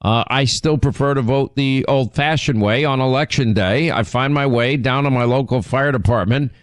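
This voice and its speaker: A middle-aged man hosting a talk show, telling long, meandering stories with frequent restarts. He teases his co-host playfully and his voice jumps up in pitch when he gets worked up. The sound is dry and close. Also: moderate pace, smooth, no echo. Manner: rambling, teasing, animated storyteller with many restarts. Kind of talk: casual on-air storytelling.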